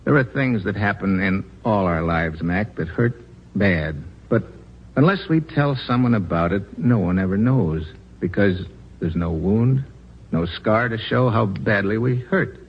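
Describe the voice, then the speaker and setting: An actor playing a patient, earnest army chaplain in 1940s radio acting, gentle and persuasive. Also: male voice, lowish voice, lively intonation, measured pace, highs cut off, slight background noise.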